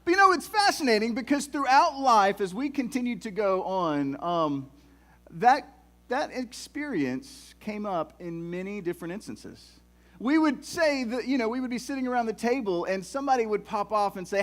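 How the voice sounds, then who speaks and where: A middle-aged man, preaching a sermon in a folksy, animated storytelling way with many restarts. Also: high voice, normal speed. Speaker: pastor.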